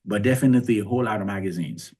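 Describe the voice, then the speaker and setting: A man's voice: on the low side, very fast, mellow. A man in his sixties from Haiti, telling his life story in a reflective, conversational way as an interview guest. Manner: reflective, conversational, with frequent restarts.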